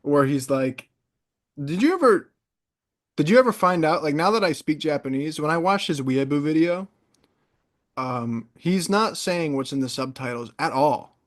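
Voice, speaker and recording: A young man in casual podcast chat, an animated storyteller who wanders into tangents. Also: a little high, moderate pace. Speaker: podcast co-host.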